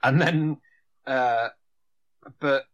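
A man's voice: mid-range voice, extremely slow. Rambling man with many fillers. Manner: hesitant, full of fillers and restarts, swears casually. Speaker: podcast co-host. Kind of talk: casual film-review chat.

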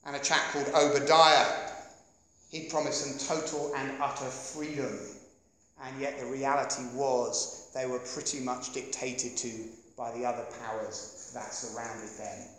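A man in his thirties with an English accent preaching a sermon, animated and joking with the congregation as he goes. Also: mid-range voice, measured pace, slight background noise. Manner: animated, jokey asides to the congregation. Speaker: pastor. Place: church hall. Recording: echoey church hall.

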